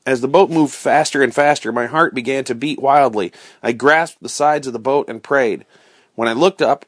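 A man reading a storybook aloud in a steady, expressive storytelling manner. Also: mid-range voice, dry recording, clean studio sound. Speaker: reader.

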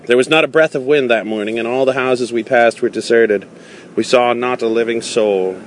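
A man's voice: mid-range voice, steady tone, slight background noise. Man reading a novel aloud. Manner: measured, with small slips and restarts. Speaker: audiobook reader.

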